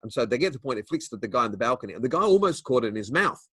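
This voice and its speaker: A man hosting a casual interview, relaxed and quick to laugh. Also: mid-range voice, husky, no room sound, studio quality. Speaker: show host.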